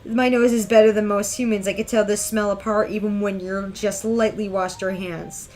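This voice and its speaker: A woman's voice: mid-range voice, steady tone, moderate pace, darkish tone, faint music behind, lightly acted. Woman doing a stern young investigator. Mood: accusing. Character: stern young male investigator with keen nose.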